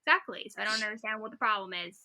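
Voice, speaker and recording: A woman's voice: mid-range voice, very fast, pushed and bright. A woman co-hosting a podcast, reading stories aloud and chatting with an emphatic, exasperated manner. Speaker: podcast co-host.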